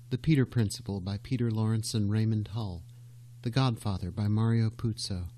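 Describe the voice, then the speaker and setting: A man narrating a documentary in a measured, scripted delivery. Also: lowish voice, slight background noise. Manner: measured, even, reading.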